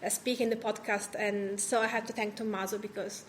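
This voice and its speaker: A woman's voice: medium pitch, flat delivery, fairly quick, a little hiss or hum. A woman from Italy with an Italian accent, a food writer and podcast host talking on a live panel, chatty, with many fillers and restarts. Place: cultural association event room.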